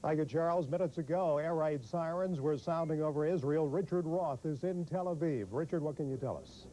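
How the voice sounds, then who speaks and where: Male anchor, warm mellow tone. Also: fairly high pitch, brisk, a little hiss or hum, low-quality recording. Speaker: news anchor. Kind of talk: live news anchoring.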